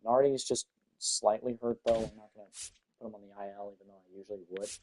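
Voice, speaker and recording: A man's voice: fairly low pitch, fairly even intonation, fast talker, noisy background. A young man thinking aloud in casual, blunt commentary while playing a baseball game. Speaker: gaming channel host.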